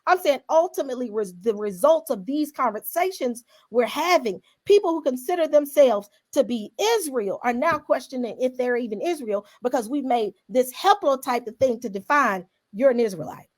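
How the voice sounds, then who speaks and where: Woman panelist, high animated voice, emphatic and blunt. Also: normal speed, few pauses. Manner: forceful, emphatic, colloquial. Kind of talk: heated panel discussion.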